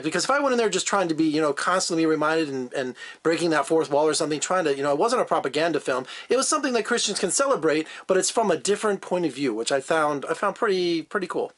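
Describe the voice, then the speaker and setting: A man's voice: fairly high pitch, fairly bright tone. A man giving a casual movie review as a film critic, chatty and digressive, with frequent fillers.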